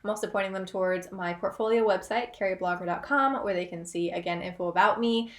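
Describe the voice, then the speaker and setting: A woman's voice: mid-range voice, fast talker. Young woman vlogger, chatty and upbeat, casual tips delivery, roomy echo. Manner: chatty, upbeat, self-aware asides. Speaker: freelance writer vlogger. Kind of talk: casual tutorial vlog.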